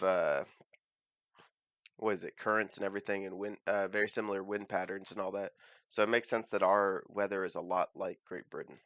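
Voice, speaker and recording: A man's voice: deep voice, a bit bright, no room sound, dull audio. An American man hosting a reaction video, chatting casually and thinking aloud with hesitant fillers and restarts. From United States. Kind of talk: casual commentary.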